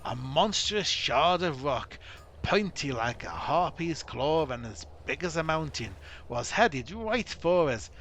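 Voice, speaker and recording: A man voicing a weary male dwarf survivor in a rough put-on accent, dramatically retelling a disaster. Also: fairly high pitch, animated, takes it slowly, a bit bright, slight background noise, voice pushed up, heavily acted. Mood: dramatic.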